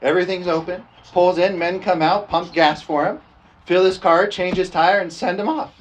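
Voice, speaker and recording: A man's voice: high voice, moderate pace, slight background noise. A man preaching a storytelling sermon in a folksy, laughing way, often tossing "amen?" to the congregation.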